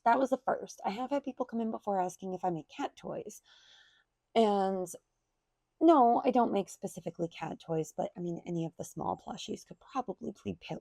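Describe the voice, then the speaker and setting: A woman's voice: medium pitch, moderate pace, creaky, mellow, no room sound. A woman crochet maker chatting through a casual market recap vlog in a rambling, self-deprecating way. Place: at home by her computer.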